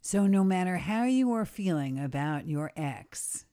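Low mellow woman on talk radio, slow and steady, giving advice. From Bronx, New York. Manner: slow, deliberate, advising. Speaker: radio talk show host.

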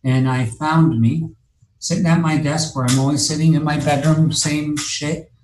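A man's voice: a little high, fairly even intonation, normal speed, a little mellow, reverberant, a little hiss or hum, rough recording. A man telling a long personal story as an interview guest, rambling and cursing, with many fillers and restarts. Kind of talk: casual storytelling.

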